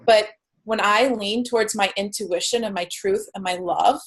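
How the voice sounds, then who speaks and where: A woman's voice: mid-range voice, normal speed, poor audio. A woman, a guest speaking earnestly and openly about her spiritual path on a video call. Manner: earnest, spiritual, acts out inner voices. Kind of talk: heartfelt interview talk.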